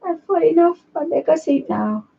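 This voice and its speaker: A woman's voice: sits high, animated, normal speed, creaky, mellow, pitched above the performer's own voice. Woman doing a sleepy little dog in baby talk. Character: sleepy, lazy little male pet dog. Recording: dull lo-fi sound.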